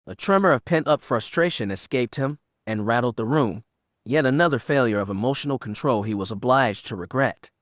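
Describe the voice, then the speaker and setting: A man's voice: mid-range voice, lively intonation, moderate pace, dry recording. Man narrating an audiobook in a dry, close recording.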